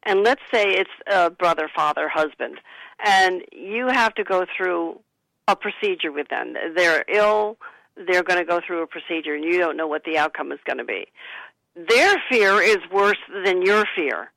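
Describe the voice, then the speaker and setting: A woman author and psychic, a guest on a radio talk show, calmly giving advice and suggesting what to say. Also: lowish voice, moderate pace, vocal fry, no echo, rough recording. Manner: calm, counseling, gives sample phrases to say.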